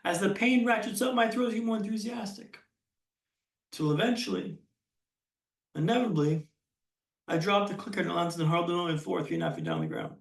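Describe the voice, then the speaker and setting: High-voiced man telling a story on stage. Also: big pitch swings, creaky, reverberant, far from the mic. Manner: punchy, dramatic pauses and repetition; self-deprecating humor. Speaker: keynote speaker. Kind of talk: storytelling keynote speech. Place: conference hall stage.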